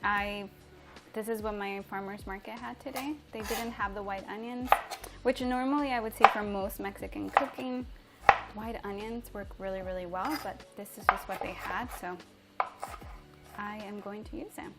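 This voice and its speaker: A woman's voice: mid-range voice, fairly even intonation, moderate pace, very noisy. A woman hosting a casual cooking livestream from her home kitchen, chatting with viewers and laughing often. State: teary from chopping onion.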